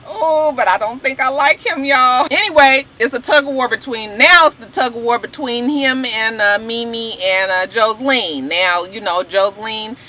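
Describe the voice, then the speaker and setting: A woman vlogger recapping a reality show episode in a casual, animated, slangy way, talking straight to her viewers. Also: a little high, normal speed, few pauses, slight background noise, rough recording. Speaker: YouTube show reviewer.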